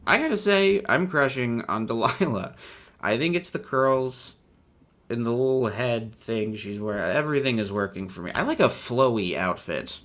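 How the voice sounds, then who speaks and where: A young man hosts a comedic commentary, talking wryly and riffing off the cuff. His pitch sits in an ordinary middle range but moves a lot, leaping up with excitement and dropping into low mutters. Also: normal speed. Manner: wry, riffing, swings from mutters to excited outbursts. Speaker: video host. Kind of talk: comedic commentary on book illustrations.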